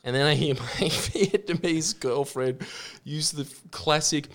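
A co-host with a slightly high voice speaks unhurriedly in casual chat. He tells a funny story with animated energy, acting out the voices of the people in it.

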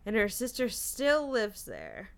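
A woman's voice: medium pitch, wildly swooping pitch, takes it slowly, creaky. A woman hosting a horror podcast, reading out listener ghost stories in an easygoing, chatty way. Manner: laughs easily, easygoing storytelling. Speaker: podcast host.

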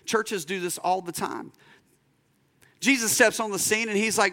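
A young pastor's sermon features a story told with acted-out character voices, punctuated by low, slow moments of emphasis. His tone is steady, though it comes across pushed and bright.

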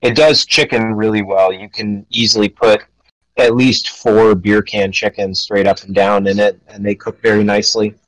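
A man's voice: lowish voice, little pitch movement, normal speed, fairly bright tone, no echo, low-quality recording. A man hosting a casual podcast chat, rambling with frequent restarts. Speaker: podcast host.

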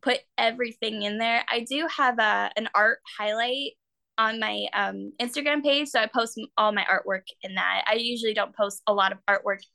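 Bright chatty young woman. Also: fairly even intonation, moderate pace, creaky, dry recording. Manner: chatty, full of "like" fillers, acts out quotes in high voices. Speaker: guest, actor and artist. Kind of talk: casual interview talk.

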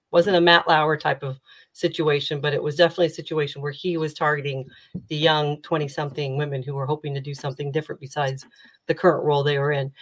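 A middle-aged woman, a career coach and former reporter, telling her story candidly in an interview, animated and often restarting her sentences. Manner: animated, with sharp rises in pitch when retelling tense moments; frequent restarts and self-corrections.

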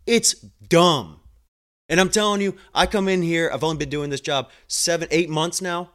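A man working as a home health nurse, telling stories from his job in a candid monologue. He is earnest and emotional, swears casually, and speeds up when excited. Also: a little high, moderate pace.

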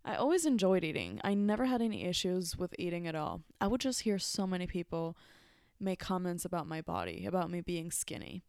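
A woman's voice: fairly low pitch, big pitch swings, brisk, a little mellow, clear, resonant tone. A young woman from Mexico hosting a podcast, talking in a casual, reflective, rambling way with lots of fillers and restarts. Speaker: podcast host.

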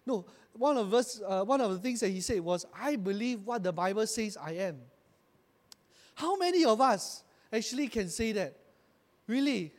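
A man preaching a sermon with a high voice, his words rising in emphatic bursts. He calls on the congregation to repeat lines after him. The sound rings with a long reverb, as in a church hall. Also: lively intonation, normal speed. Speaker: pastor.

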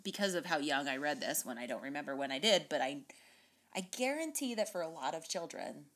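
A woman co-hosting a podcast chats enthusiastically about a children's book, laughing often. Her voice is low and a bit bright, with lively intonation and a slightly fast pace.

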